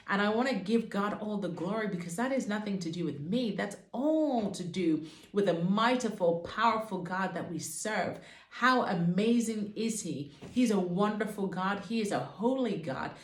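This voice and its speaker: A woman tells a personal faith story straight to her viewers. Her delivery is earnest and fervent, and her pitch sits in an ordinary middle range. The recording has a noticeable roomy echo. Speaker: Christian vlogger. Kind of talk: personal testimony to camera.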